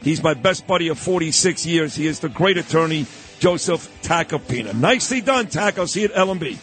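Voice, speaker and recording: A man's voice: on the high side, animated, fast talker, fairly bright tone, soft background music. A man hosting a morning radio show, heaping effusive, emphatic praise on his guest. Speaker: radio host.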